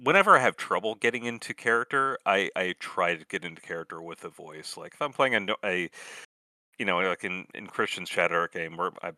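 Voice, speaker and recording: A man co-hosting a podcast, speaking casually with many halting restarts. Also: low voice, lively intonation, pushed and bright, no echo. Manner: halting, hesitant starts.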